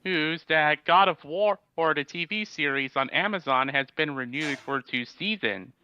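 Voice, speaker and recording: A man chats eagerly on a stream show with a very bright, crisp, fairly high voice. The sound is dry and dull, as from a lo-fi mic. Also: moderate pace, dry recording. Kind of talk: casual chat.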